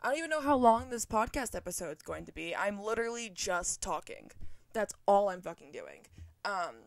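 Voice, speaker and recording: A woman's voice: mid-range voice, expressive, moderate pace, vocal fry, no room sound. A young woman hosting her own podcast, chatting off the cuff, rambling and swearing freely with self-deprecating jokes, recorded at home on a cheap microphone. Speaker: podcast host. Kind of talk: casual off-the-cuff chat. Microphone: cheap USB microphone.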